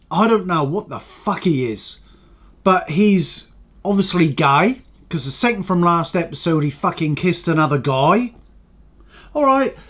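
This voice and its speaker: A man giving casual, ranting commentary as host of his own channel, swearing constantly and swinging between loud outbursts and low mutters. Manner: profane, blunt, ranting.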